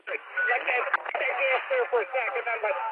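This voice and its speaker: A man, a police commander in the field, giving clipped, shouted orders over the radio. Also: very high voice, huge pitch swings, moderate pace. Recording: tinny police radio with loud static.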